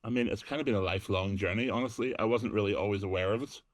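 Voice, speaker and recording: Low-voiced chatty man, dry sound. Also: very fast, no room sound. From Northern Ireland. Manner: chatty, self-deprecating, frequent ums. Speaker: guest, actor and DJ. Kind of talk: casual interview conversation.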